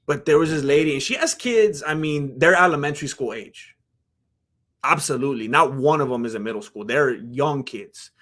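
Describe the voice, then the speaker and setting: A man hosting a livestream, chatting casually and reacting to chat in an animated, rambling way. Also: medium pitch, moderate pace. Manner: animated, rambling, jumps into voices. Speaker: livestream host.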